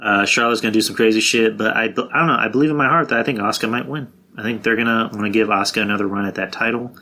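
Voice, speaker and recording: Guy doing a casual podcast rant, swears a lot, bright punchy voice. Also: fairly low pitch, fairly even intonation, very fast. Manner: blunt and profane, with frequent restarts. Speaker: podcast host. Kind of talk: casual wrestling predictions monologue.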